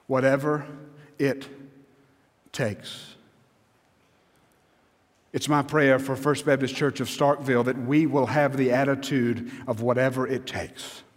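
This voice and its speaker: A man, preaching an earnest, emphatic sermon as a pastor in a church sanctuary. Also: mid-range voice. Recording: long church reverb.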